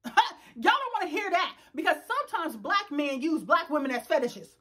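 A woman in her thirties with a high voice rants about a reality show in a casual, sassy way. She laughs often and talks straight to her viewers. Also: very animated, normal speed, sharp tone. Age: 30s. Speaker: YouTube reviewer. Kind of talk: casual ranting commentary.

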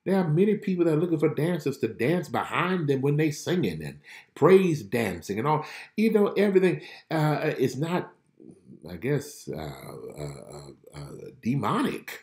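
A man's voice: a little high, sing-song, normal speed, a little mellow, echoey room. A man preaching a prophetic message on a livestream. He exclaims, laughs and greets viewers by name. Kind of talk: live-streamed prophetic preaching.

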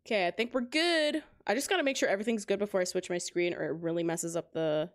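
A woman's voice: mid-range voice, fast. A young woman hosting a gaming livestream, chatting casually to her viewers in a bubbly, rambling way with many fillers and laughs, on a desk mic at home. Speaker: livestream gamer host. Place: home streaming setup. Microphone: desk microphone with high gain.

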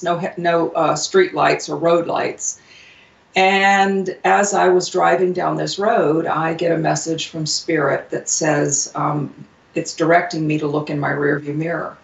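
Radio guest, woman, slow and earnest with a gravelly edge, heard from a distance in a roomy, muffled recording. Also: low-pitched, steady tone. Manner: earnest, halting, many fillers and restarts. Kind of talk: personal storytelling in an interview. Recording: distant, roomy, dull lo-fi sound.

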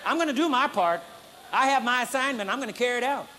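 High-voiced preaching man, playful and emphatic. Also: lively intonation, fast talker, pushed and bright. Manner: preaching with humor and acted-out demonstration. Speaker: pastor. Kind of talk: sermon. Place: large conference hall. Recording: faint noise, 1980s conference recording.

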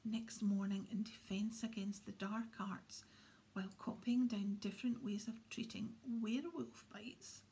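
A woman reading a children's novel aloud in whispered role-play, hushed and steady. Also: mid-range voice, measured pace, vocal fry. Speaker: audiobook reader.

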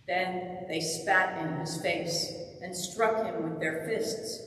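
Slow, measured church lector. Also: mid-range voice, fairly bright tone. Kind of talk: Passion gospel reading. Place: church sanctuary. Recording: echoey church from far off.

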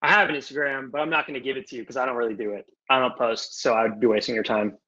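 A young man answering audience questions casually on a video call, loose and animated, with some swearing. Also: medium pitch, rapid-fire. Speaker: guest speaker. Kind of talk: casual Q&A on a webinar. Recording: muffled lo-fi video call audio.

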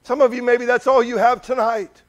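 A man delivers a sermon in a conversational way, asking his congregation lots of questions and swinging from loud, urgent outbursts to quiet asides. His voice is very high-pitched and level in tone, at a moderate pace.

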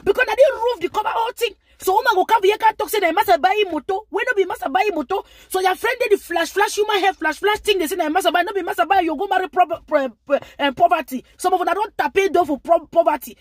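A woman's voice: very high voice, fast, few pauses, dry recording, clean studio sound. A woman with a Nigerian accent giving rambling, lecturing advice in a casual live-stream monologue. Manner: rambling, lecturing, with frequent asides.

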